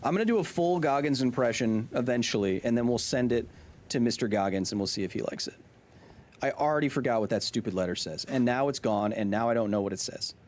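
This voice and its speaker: A man's voice: mid-range voice, fast, darkish tone. A man live-streaming a video game, chatting with his viewers in a jokey, casual way and reading in-game notes aloud.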